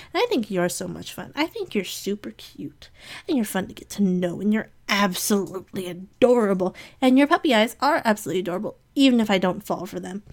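A woman in a rambling casual monologue, gushing with affection and giggling, sniffling now and then. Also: mid-range voice. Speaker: community member giving shout-outs.

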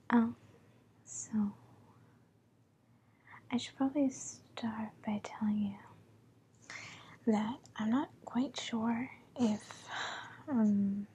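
A woman of twenty-one, tipsy, rambling in a soft whisper as a whispered role-play, with giggles and many pauses. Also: on the high side, steady tone, a little hiss or hum. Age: 20s.

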